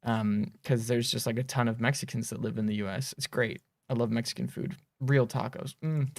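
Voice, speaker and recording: A man's voice: medium pitch, a little fast, vocal fry, dry recording. Rambling man on a livestream. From United States. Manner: rambling, animated storyteller. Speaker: livestream host for a game studio. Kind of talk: casual livestream chat.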